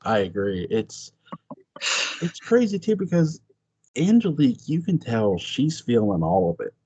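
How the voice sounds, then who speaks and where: A man chatting casually as a podcast host, excitable and swearing freely, his voice jumping up high when he exclaims. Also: unhurried, muffled recording, slight background noise. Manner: swears freely, laughs often. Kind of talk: casual chat.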